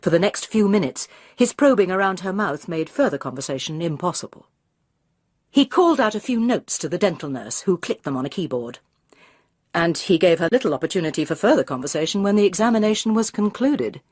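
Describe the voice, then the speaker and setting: A woman narrates a crime novel in a measured, wry way. Her voice is husky and fairly low but moves lively in pitch, recorded dry and close. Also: no room sound. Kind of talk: reading a crime novel aloud.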